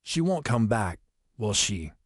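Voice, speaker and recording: A man voicing a frightened, guilt-shaken teenage farm boy with hushed, anxious pleading in an audiobook. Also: fairly low pitch, big pitch swings, measured pace, no room sound, clean studio sound. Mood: fearful.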